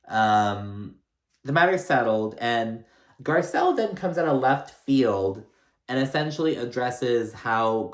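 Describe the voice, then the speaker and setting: A man's voice: lowish voice, reverberant. A man recapping a reality show in a casual, rambling, sassy way, full of fillers. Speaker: recap host.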